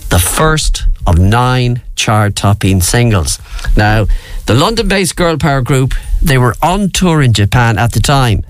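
A man's voice: medium pitch, no echo. A man hosting a radio show, chatting casually through on-this-day facts with playful asides to the listener, speaking into a studio mic. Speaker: radio host.

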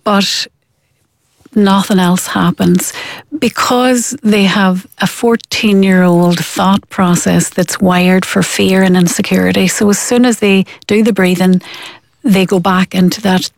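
Woman guest, mid-pitched, lively and explanatory, dry close-miked studio sound. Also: a little slow, creaky, no room sound. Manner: animated, acts out quoted parents. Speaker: parenting expert guest. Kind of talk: conversational interview explanation.

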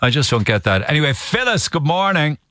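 Lively chatty Irish radio host. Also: male voice, a little high, brisk, dry recording, studio quality. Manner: chatty, jokey, wondering aloud. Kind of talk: casual radio chat.

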